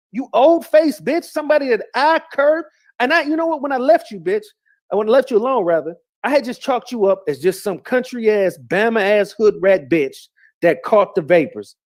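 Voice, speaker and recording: High-voiced man in a profane rant. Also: darkish tone. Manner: heated, profane, repetitive insults. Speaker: YouTuber. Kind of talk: angry rant.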